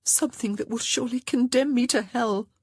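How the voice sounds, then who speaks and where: A woman voicing an anxious young gentlewoman who whimpers and pleads in a breathy voice. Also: a little high, brisk, dry recording, clean studio sound, pitched above the performer's own voice. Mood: tearful.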